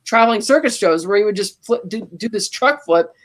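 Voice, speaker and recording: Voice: mid-range voice, brisk. Chatty podcast host retelling a movie scene. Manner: animated storytelling, quoting scenes in passing. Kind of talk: casual movie recap chat.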